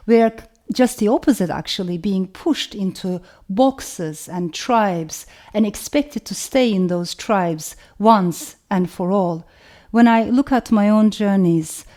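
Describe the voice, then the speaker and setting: A woman author with a Turkish accent, speaking in a thoughtful, measured way and often saying "you know". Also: mid-range voice, mellow. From Turkey. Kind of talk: reflective talk to camera.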